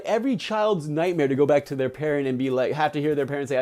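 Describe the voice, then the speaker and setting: A young man on a livestream, retelling a book chapter in a casual, animated way, filling it with "he's like" and acting out the quotes with big jumps in pitch. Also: fast, hardly any pauses. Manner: many fillers like "he's like". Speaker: streamer reading a book aloud.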